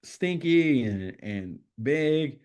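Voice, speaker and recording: A middle-aged man, a podcast guest, telling stories in a casual interview, animated and swearing freely as he acts out what people said. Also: a little high, drawn-out words, clear, resonant tone.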